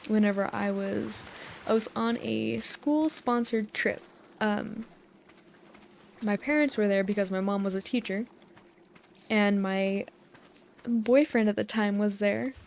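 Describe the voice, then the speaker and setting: A young American woman, a gaming YouTuber, rambles through sleep-time gameplay chat in a medium-pitched, slightly mellow voice. She's chatty and giggly, telling meandering stories, recorded up close on a USB dynamic mic.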